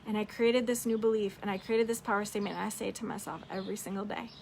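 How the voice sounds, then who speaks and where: A woman's voice: medium pitch, fairly even intonation, rapid-fire, vocal fry, darkish tone, a little hiss or hum. A woman business coach giving a casual, upbeat motivational talk, swearing freely and talking straight to her listeners.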